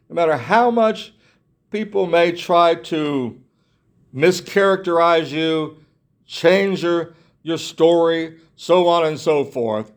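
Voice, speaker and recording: A man preaching a sermon in an earnest way, repeating himself, restarting phrases and asking his listeners rhetorical questions. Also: fairly high pitch.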